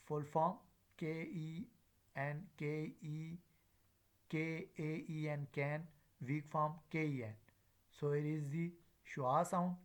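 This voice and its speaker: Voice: medium pitch, slow, rough recording. A pronunciation teacher giving a recorded lecture, hesitant with frequent fillers and drilling example words one at a time.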